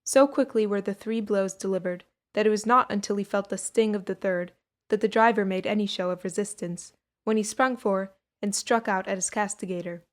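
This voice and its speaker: A young adult woman reading an audiobook of a 19th-century adventure story in a measured, clear storytelling manner. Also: mid-range voice, fairly even intonation. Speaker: audiobook reader.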